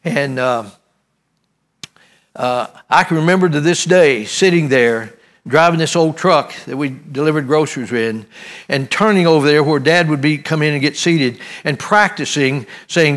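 Older preacher man, halting and folksy. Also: fairly high pitch, a bit bright. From Tennessee, United States. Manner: halting, repeats himself, folksy, emotional. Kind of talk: sermon with personal story.

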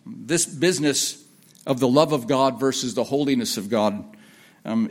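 A man preaching a sermon, with folksy asides and emphatic repetition, often rambling off topic. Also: mid-range voice. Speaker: pastor. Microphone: sermon on an iPad from notes.

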